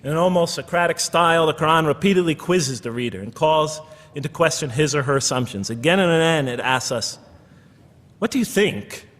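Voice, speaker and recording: A man's voice: fairly high pitch, brisk, a bit bright. An American man giving a public lecture to an audience, conversational with wry asides. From United States. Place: large lecture hall with audience. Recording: long reverb of a large hall.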